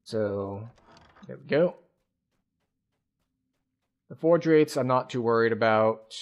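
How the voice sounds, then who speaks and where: A man streaming a game, thinking aloud and calmly explaining the mechanics as he plays. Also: medium pitch, slow pace, highs cut off. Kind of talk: casual gameplay commentary.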